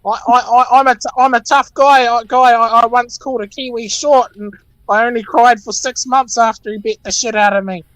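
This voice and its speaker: A man's voice: very high voice, steady tone, fairly quick, fairly bright tone, dry recording, pitched above the performer's own voice. A man voicing a blustering, self-proclaimed tough Australian man who cries easily, in an exaggerated Australian accent, stammering and over the top. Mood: whiny bravado. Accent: exaggerated Australian put-on.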